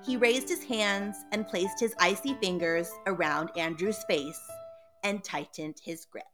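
A woman's voice: medium pitch, measured pace, music in the background. A woman reading a ghost story aloud in a dramatic, playful way.

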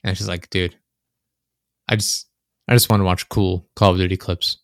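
Casual podcast co-host: young man, low-pitched, animated rambling delivery, dry close mic. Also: normal speed, gravelly, no echo. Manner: animated, swearing, rambling with many fillers. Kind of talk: casual chat. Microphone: close desk microphone.

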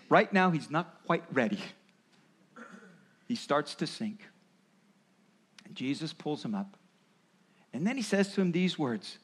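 A man's voice: on the high side, husky. A man preaching a sermon, explaining and acting out quoted voices as he goes. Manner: animated, acts out voices of parents and Jesus. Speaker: pastor.

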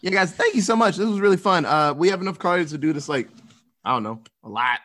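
Laughing man in a lively chat. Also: a little high, quick pace. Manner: laughing, easygoing. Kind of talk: casual chat.

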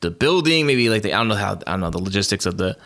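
A man co-hosting a podcast in casual chat, halting, with many restarts and fillers. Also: on the low side, big pitch swings, fairly bright tone. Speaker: podcast co-host.

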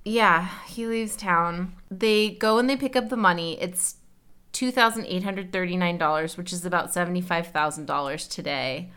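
A woman's voice: on the low side, normal speed, a bit bright, clear, resonant tone. A young woman co-hosting a podcast, telling a story in a chatty, casual way and acting out quotes. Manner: chatty, lots of "like", acts out quotes. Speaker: podcast co-host.

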